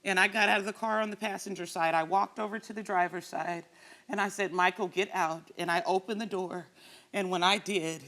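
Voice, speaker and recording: Speaking fairly quickly in a medium-pitched voice, a middle-aged woman shares her personal story as a talk show guest. She's an emotional, animated storyteller, performing the quarrels and the people involved.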